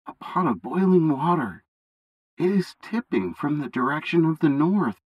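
A man's voice: fairly high pitch, very animated, moderate pace, a little mellow, slightly rough, dry recording, pitched above the performer's own voice, poor audio. A man voicing a timid young boy prophet who doubts himself, in a bible story reading, asking anxious, pleading questions. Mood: solemn.

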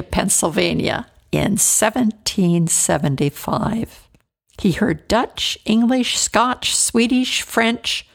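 Slow gravelly woman storyteller. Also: fairly low pitch. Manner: measured, clearly enunciated reading. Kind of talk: slow scripted narration.

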